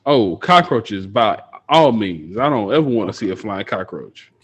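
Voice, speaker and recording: A man's voice: lowish voice, big pitch swings, moderate pace, husky. A man co-hosting a casual podcast, throwing in short reactions and playful quips. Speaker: podcast co-host. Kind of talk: casual chat.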